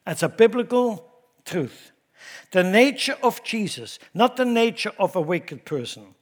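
A very animated pastor preaches at a measured pace in church, moving between loud, emphatic proclamations and low asides. He often repeats words and asks his congregation questions.

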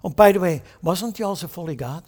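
A man with a high, light voice preaches to his congregation, explaining and emphasizing as he teaches. His words ring out with the long reverb of a large hall. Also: expressive, a little fast, a little mellow. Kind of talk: sermon.

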